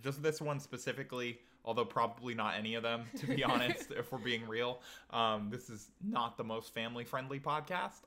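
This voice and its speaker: Bright-voiced upbeat man podcast host. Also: medium pitch. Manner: eager, upbeat, explaining. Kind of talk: casual podcast chat.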